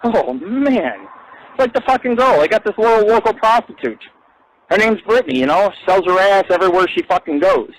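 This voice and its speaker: A young adult man hosting an internet radio show, telling profane, rambling stories and ranting with loud outbursts. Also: fast talker, poor audio. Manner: crude, ranting, swings between low mutter and loud outburst. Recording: dry close-mic internet radio.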